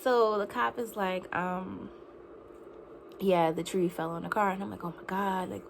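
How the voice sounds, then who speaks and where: A young woman tells a wild personal story to camera in an animated storytime vlog. She laughs often and fills her talk with "like." A faint hiss sits under her voice. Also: fairly low pitch, moderate pace, vocal fry. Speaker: vlogger.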